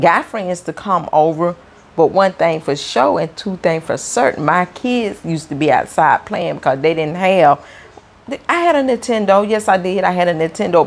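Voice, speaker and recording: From her apartment, a woman vlogger with a lowish, creaky voice chats to her viewers in a casual, rambling way, often repeating her words.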